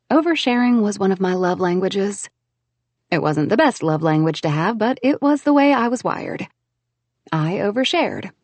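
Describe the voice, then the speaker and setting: A woman narrates an audiobook with a lively, expressive reading. Her voice sits at a middle pitch, and the recording is close and dry with no room sound. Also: vocal fry, no room sound. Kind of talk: scripted narration.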